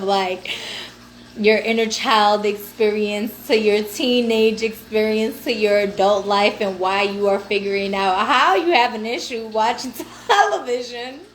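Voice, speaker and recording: A woman's voice: medium pitch, slight background noise. A woman hosting a livestream in casual, profane, laughing talk aimed at her viewers. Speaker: livestream host.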